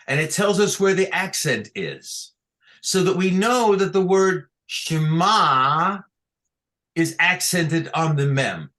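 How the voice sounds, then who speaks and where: Bright and forceful, the man's voice sits on the high side. He leads a class on chanting scripture over a video call using a computer mic, patiently breaking things down step by step and often checking in with students.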